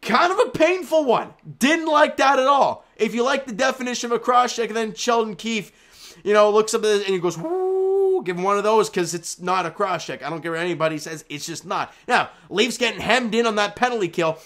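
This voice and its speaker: A young man breaks down a hockey game in a casual recap, talking over the replays. His voice sits high for a man and stays animated as he argues about the penalty calls. He keeps an easy, chatty tone throughout. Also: a little fast. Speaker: hockey commentator.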